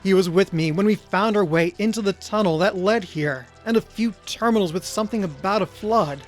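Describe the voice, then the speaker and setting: A man's voice: fairly high pitch, drawn-out words, a bit bright, soft background music, voice pushed up. A man doing a strained, tearful young soldier. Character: grief-stricken young male soldier. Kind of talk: audiobook character reading.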